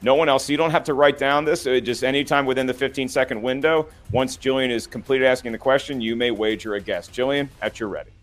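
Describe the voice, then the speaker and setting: A man's voice: mid-range voice, fast, few pauses, soft background music. A man hosting a trivia game show, reading questions and counting down with playful, teasing banter.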